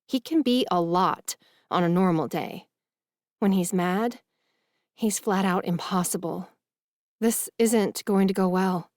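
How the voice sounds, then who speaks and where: A woman narrating a first-person romance audiobook in an expressive, emotional reading. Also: fairly low pitch, takes it slowly, long pauses, no echo, clean studio sound.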